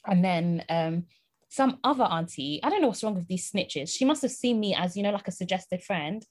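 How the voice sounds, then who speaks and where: A young woman, telling a story in casual chat, animated and laughing often as she acts out what people said. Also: fairly low pitch, normal speed. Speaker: podcast co-host telling a story.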